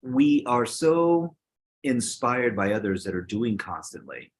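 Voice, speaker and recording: A man's voice: mid-range voice, big pitch swings. A man co-hosting a casual talk show, speaking in an emphatic, motivational way. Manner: emphatic, motivational, quick bursts. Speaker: co-host. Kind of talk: casual chat.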